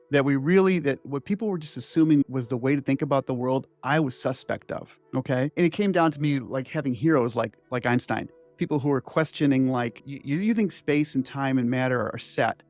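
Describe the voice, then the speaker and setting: This sixty-something inventor has a medium-pitched, slightly mellow voice. He recounts his story in a loose, digressive interview, rambling conversationally and dropping frequent "like" and "right?" asides.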